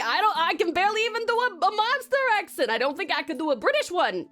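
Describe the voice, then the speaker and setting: A woman's voice: extremely high pitch, big pitch swings, fast talker, a bit bright, faint music behind. A woman from Tasmania, Australia, streaming live in casual chat, rambling and giggling as she greets viewers.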